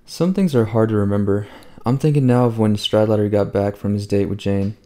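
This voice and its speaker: A man narrating a novel in the first person, his voice pitched low and mellow. He reads in a conversational, wry manner, as if telling the story himself. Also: brisk. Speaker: audiobook reader.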